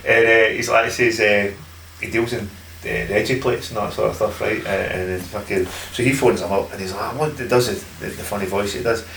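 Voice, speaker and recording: A man's voice: lowish voice, fairly even intonation, fairly quick, gravelly, fairly bright tone. A Scottish man, a podcast guest, telling stories in casual chat, swearing a lot and laughing as he talks. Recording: echoey room from far off with faint hiss.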